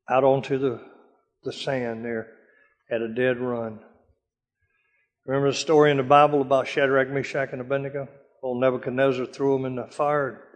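An older man giving a dramatic sermon-style testimony, telling stories from his past with a hushed voice during the prayers. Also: medium pitch. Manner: dramatic storytelling, drops to a hush for prayers. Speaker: speaker telling war stories. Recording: long hall reverb.

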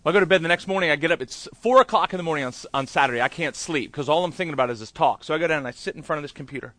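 Bright-voiced man telling a candid sermon story. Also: a little high, racing, no echo. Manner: candid, self-deprecating storyteller; chatty with many fillers and asides. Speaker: pastor.

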